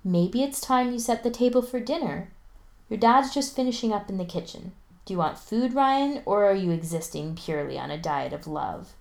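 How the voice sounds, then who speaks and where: A woman voicing a brisk, teasing middle-aged mother in an audiobook, her voice raised and dry. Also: medium pitch, vocal fry, a little mellow, voice pushed up, lightly acted. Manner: dry, teasing, mock-stern.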